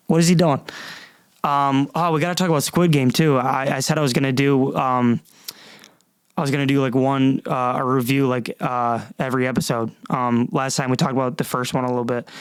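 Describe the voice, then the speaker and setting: Seated at his computer in front of a camera, a young podcast host talks casually, rambling, interrupting himself, and swearing a lot. His voice is fairly high, clear, and resonant, with no echo, picked up by the camera and computer at his desk.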